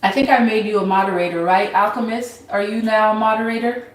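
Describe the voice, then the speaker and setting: A woman hosting a casual tarot livestream, reading viewers' names from the chat and answering them in an unhurried way. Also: medium pitch, fairly even intonation, roomy sound, recorded from a distance, poor audio. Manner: unhurried, reads chat names aloud, laughs easily.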